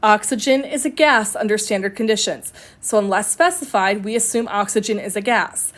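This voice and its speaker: A woman's voice: medium pitch, moderate pace, a bit bright. A woman chemistry instructor giving a recorded lecture, explaining step by step in a conversational way with fillers and self-corrections.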